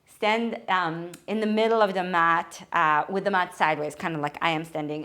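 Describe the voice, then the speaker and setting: A woman yoga teacher giving calm, gentle spoken cues for breathing and movement. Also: lowish voice, brisk, hardly any pauses. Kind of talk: guided yoga instruction.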